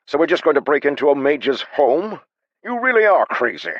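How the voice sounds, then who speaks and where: A man voicing a panicky, excitable young male adventurer who shouts and complains. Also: a little slow, no room sound, lo-fi sound, exaggerated voice. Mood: panicky shouting. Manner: shrill, shouting, agitated.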